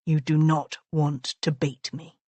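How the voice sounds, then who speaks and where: Woman narrator playing a guarded, self-made Regency gentleman: low, soft-spoken, quietly commanding, deliberate. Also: little pitch movement, breathy edge, no echo, heavily acted. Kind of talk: audiobook character voicing.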